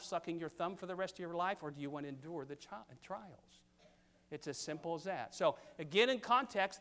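An older man preaching a sermon, reading scripture and pressing his points with sudden loud stresses. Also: on the high side. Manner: emphatic, pulpit cadence with sudden loud stresses.

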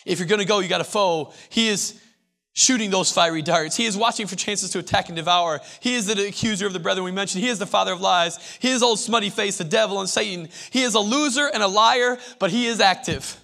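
High-pitched male preacher, emphatic and repetitive sermon delivery, stumbles and restarts, college chapel. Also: fast talker, gravelly, sharp tone.

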